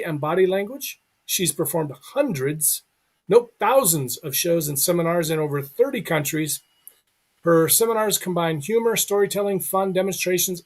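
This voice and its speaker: A man hosting a live online show, joking with co-hosts and reading a guest introduction. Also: sits high. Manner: joking, reads intro aloud. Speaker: show host.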